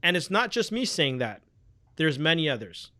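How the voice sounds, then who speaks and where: A man's voice: fairly high pitch, sing-song, normal speed, sharp tone. A man hosting an interview show, upbeat and encouraging toward his guest. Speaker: podcast host. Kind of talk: casual interview talk.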